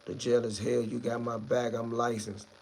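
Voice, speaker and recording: A man's voice: medium pitch, completely flat delivery, normal speed, vocal fry, mellow, a little hiss or hum. A man hosting a casual live stream, reading viewer comments aloud and answering them in a laid-back way.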